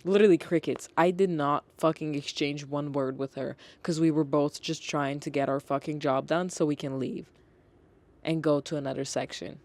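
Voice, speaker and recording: A young adult host telling stories on a podcast in a loose, exasperated way. Their speech is peppered with "like" and plenty of swearing, at a middling pitch. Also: fairly even intonation, moderate pace, a little mellow. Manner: exasperated, swears freely, lots of "like". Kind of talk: casual storytelling podcast.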